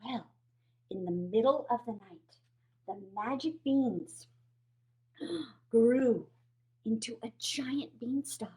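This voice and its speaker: A woman's voice: a little high, slow, long pauses, mellow. A woman hosting a children's storytime, playfully reading a fairy tale aloud with puppets. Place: home, recorded for a livestream.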